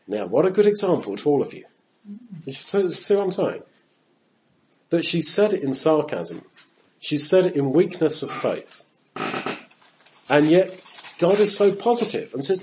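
Lively man teaching from the Bible. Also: a little high, unhurried, long pauses, slight background noise, low-quality recording. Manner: animated, acts out quotes with shifting voice, talks to his audience directly. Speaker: preacher.

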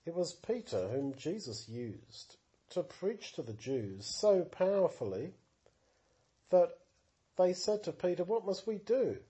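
A man reading and explaining a Bible story to a child in a lively storytelling manner. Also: fairly high pitch, slow pace. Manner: animated storytelling, simple explanations.

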